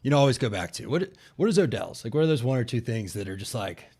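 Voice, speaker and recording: A man's voice: medium pitch, expressive, fast talker, darkish tone, husky. A man in his thirties hosting a live Q&A, talking loosely and rambling with lots of fillers. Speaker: podcast host. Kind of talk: casual live Q&A chat.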